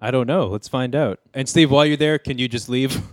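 A man hosting a comedy podcast, retelling episodes in a dry, deadpan way. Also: mid-range voice, brisk, no room sound. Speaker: podcast host. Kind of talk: casual comedic recap.

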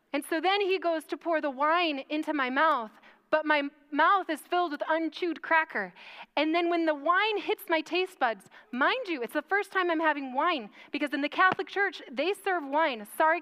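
A woman giving a sermon as an animated, self-mocking personal story with acted-out quotes. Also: high voice. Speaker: speaker telling a personal story in church.

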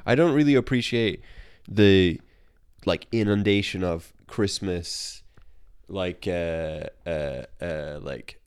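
A man's voice: sits low, takes it slowly, clean tone. A man co-hosting a podcast in casual chat about films, sardonic and swearing freely. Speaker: podcast co-host.

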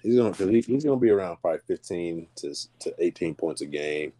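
Low-voiced laid-back man talking hoops. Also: expressive, warm tone, no echo. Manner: laid-back, drawn-out fillers. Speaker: podcast co-host. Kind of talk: casual sports chat.

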